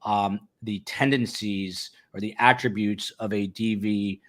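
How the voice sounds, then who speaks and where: A man's voice: lowish voice, steady tone, a little slow, fairly bright tone. A man hosting a live stream, reading viewer comments aloud and talking them over in a loose, casual way with many fillers. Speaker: host.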